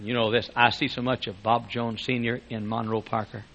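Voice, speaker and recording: An older man preaching a sermon, telling folksy stories, chuckling often and rising to loud exclamations. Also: mid-range voice, flat delivery, brisk, creaky. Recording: dull lo-fi sermon recording.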